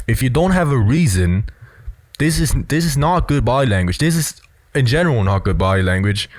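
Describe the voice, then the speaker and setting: A man's voice: lowish voice, no echo. A man giving casual video commentary on body language, explaining step by step and dropping in lots of "you know" and "right?".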